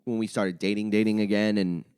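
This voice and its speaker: A young man and comedian chatting casually as a podcast guest, telling an animated story and swearing a lot. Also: lowish voice, fairly quick, clear, resonant tone. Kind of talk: casual chat.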